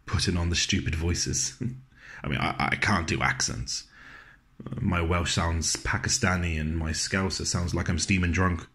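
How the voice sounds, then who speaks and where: A man performing a scripted dramatic monologue, telling his story in a gentle, wry way with low, soft passages. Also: fairly even intonation, unhurried.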